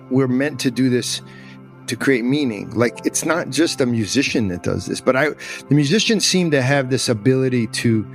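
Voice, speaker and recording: A middle-aged man, a podcast guest, telling a story with emphatic repetition and rising emotion. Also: medium pitch. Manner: emphatic, repeats words for emphasis, emotional at times. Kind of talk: animated storytelling in conversation.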